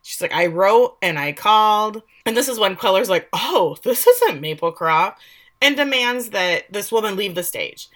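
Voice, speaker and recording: A woman's voice: mid-range voice, animated, normal speed, fairly bright tone. A woman co-hosting a podcast, casually recapping episodes and quoting the characters with animation. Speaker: podcast co-host.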